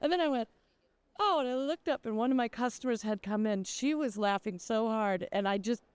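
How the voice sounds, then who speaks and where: A woman who owns a jewelry store, telling stories in a casual, animated way. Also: fairly high pitch, a little fast, clear, resonant tone, no room sound. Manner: lively, animated storyteller. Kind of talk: casual storytelling.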